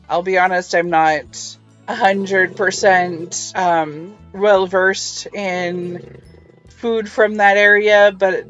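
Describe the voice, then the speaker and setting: A woman's voice: fairly low pitch, dull audio. Wry woman musing on a book. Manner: wry, musing, chatty asides. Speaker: book reviewer and podcast host. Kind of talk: casual book review commentary.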